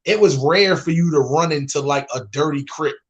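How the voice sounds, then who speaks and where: A man's voice: fairly high pitch, normal speed, fairly bright tone, muffled recording. A man from New York with a New York accent, a podcast panelist, bantering in a joking, profane, slangy way. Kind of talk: casual chat.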